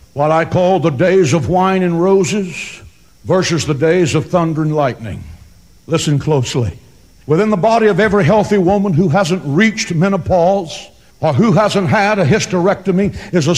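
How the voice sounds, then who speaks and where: A man preaches a sermon in a high voice that climbs and plunges dramatically as he drives his points home. His delivery is emphatic and theatrical, with quick joke asides. The sound rings with the long reverb of a large hall. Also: a little mellow. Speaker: pastor.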